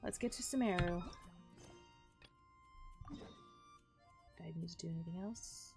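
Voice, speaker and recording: A woman's voice: fairly low pitch, takes it slowly, gravelly, over music. A young woman streaming a video game, chatting casually and talking to her pets between plays. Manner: chatty, talks to her pets in baby talk. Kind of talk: casual live-stream chat while gaming.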